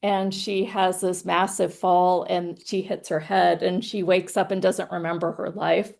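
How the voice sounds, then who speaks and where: A woman's voice: fairly low pitch, little pitch movement, a little slow, gravelly, a little mellow. A woman speaker, a hypnotherapist and author, giving a casual online talk in a chatty, self-amused way. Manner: chatty and self-amused, laughing between thoughts. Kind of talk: casual online presentation and chat.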